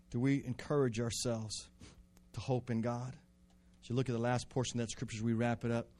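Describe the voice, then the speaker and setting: A man preaching a sermon, climbing to loud, fervent peaks and then dropping back to quiet, conversational talk. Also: a little high.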